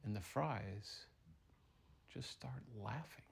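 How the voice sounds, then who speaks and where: Slow, playful man making up a story. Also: medium pitch, creaky, slightly rough. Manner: playful, drawn-out, hushed then excitable. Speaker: storyteller to a child. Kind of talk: improvised bedtime story.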